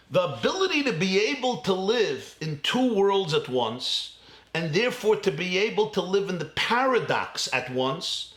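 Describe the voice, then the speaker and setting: An animated rabbi lectures with an Ashkenazi Yeshivish accent, laughing often and acting out both sides of an argument. His voice is bright and somewhat high. The room is echoey. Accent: Yeshivish, Ashkenazi Hebrew pronunciation. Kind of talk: Torah lecture.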